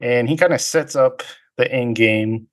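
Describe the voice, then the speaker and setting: A man casually recapping a film's plot as podcast host, rambling and halting with many fillers and quick imitations of characters. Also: medium pitch.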